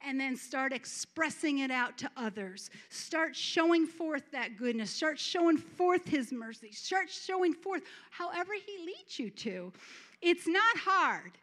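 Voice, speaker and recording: A woman's voice: high voice, expressive, unhurried, fairly bright tone. A woman giving a fervent sermon testimony at church, repeating words and breaking into laughter. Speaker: church speaker.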